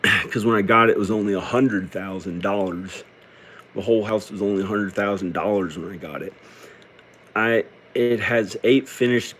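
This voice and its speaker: Sounding tearful and low in spirits, a middle-aged man who makes videos delivers a halting, rambling confessional monologue. His voice is slightly low, with a bit of background noise.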